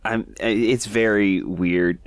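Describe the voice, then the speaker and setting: Podcast co-host, male, very low pitch, easygoing and halting delivery. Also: fairly even intonation, clear, resonant tone, dry recording. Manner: easygoing, hesitant, laughs often. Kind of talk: casual comic review chat.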